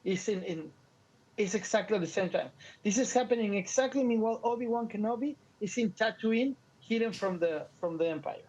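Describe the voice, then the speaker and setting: A man's voice: sits high, a little fast, rough recording. A Latino man whose first language is Spanish, co-hosting a podcast in casual, joking chat with a Latin American Spanish accent. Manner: animated, playful, joking. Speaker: podcast co-host.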